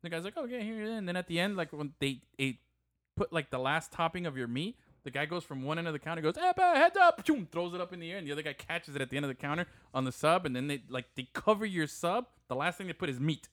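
A man, hosting a casual chat and telling stories in a slangy, animated way. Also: a little high, fast talker, no echo, studio quality. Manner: animated storyteller, slangy, says "bro" a lot.

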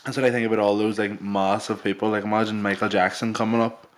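A man's voice: fairly low pitch, flat delivery, fast talker, slight background noise. A man, co-hosting a podcast in casual, teasing banter and swearing freely. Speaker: podcast co-host.

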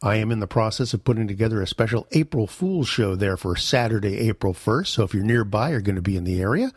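A man's voice: on the low side, expressive, fast talker, husky, no echo, studio quality. A man hosting a comedy podcast, talking in a folksy, chatty and self-mocking way. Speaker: podcast host. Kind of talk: casual podcast talk.

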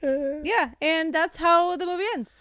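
A woman co-hosting a casual podcast, recapping a movie and acting out the characters in quick voices. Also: very high-pitched, fairly even intonation, a bit bright, no echo, studio quality. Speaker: podcast co-host.

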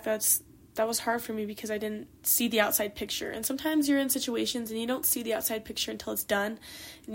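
Casting: young woman in her late teens, solo podcast host, a bit high-pitched with a gravelly fry, candid and heartfelt. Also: slight background noise. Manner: candid and heartfelt, full of "like" and "you know". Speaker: podcast host and competitive swimmer. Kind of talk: reflective solo podcast monologue.

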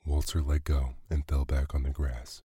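In a calm, unhurried bedtime style, a male narrator reads a children's story aloud. His voice is extremely low and dark, with a husky, breathy grain, and the recording is dry and close.

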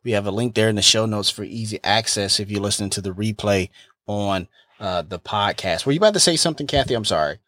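A male podcast host with a fairly low voice murmurs short affirmations while his guest talks. His recording is close and dry, with no room sound. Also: quick pace, fairly bright tone, dry recording. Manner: brief affirming backchannels. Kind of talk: podcast interview.

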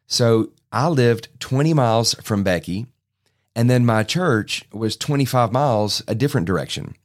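A middle-aged man, preaching as a pastor, telling a personal story in a folksy, self-deprecating way. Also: lowish voice. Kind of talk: sermon storytelling.

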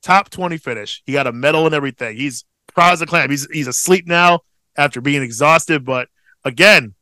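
Podcast co-host, man in his thirties, swears freely, bright, lively delivery, close dry mic. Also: fairly high pitch, fairly quick, no room sound. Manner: profane, excitable, proud storytelling. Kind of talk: casual chat.

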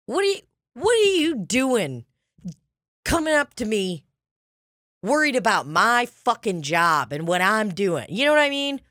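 A woman's voice: on the high side, very animated, measured pace, a bit bright, no echo, studio quality. Profane ranting woman storyteller. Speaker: podcast co-host. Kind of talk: casual chat.

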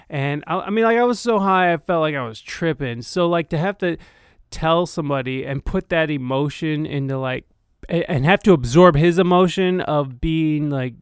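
A man's voice: on the high side, smooth, dry recording, clean studio sound. A man telling a casual anecdote in a rambling, profane way, full of fillers.

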